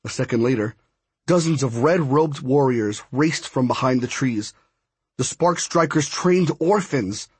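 Slow husky male audiobook narrator. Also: medium pitch, no room sound. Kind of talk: scripted narration.

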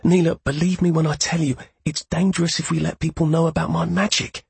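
A man's voice: fairly high pitch, little pitch movement, fairly quick, creaky, a little mellow, breathy edge, no room sound, voice pushed up, full character voice. A man playing an earnest young magic user. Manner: earnest, hesitant. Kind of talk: audiobook character voice.

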